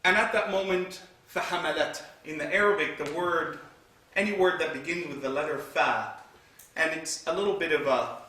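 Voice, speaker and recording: Male religious teacher, high voice, storytelling lecture with Arabic verses, very echoey distant recording. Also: fairly quick, bright, forceful tone. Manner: retells scripture vividly, reciting Arabic verses between English. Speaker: Islamic teacher. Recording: echoey hall from far off.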